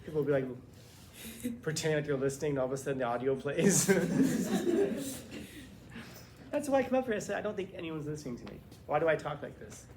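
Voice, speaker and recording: A male teacher giving a classroom philosophy lecture, animated and conversational, firing off rhetorical questions to his students. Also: on the high side, racing, background noise.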